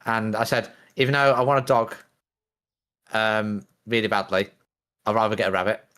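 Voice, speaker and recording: A man's voice: lowish voice, little pitch movement, normal speed, sharp tone. A man with a British accent rambling through stories in casual chat while gaming, chuckling now and then. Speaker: co-player on a stream.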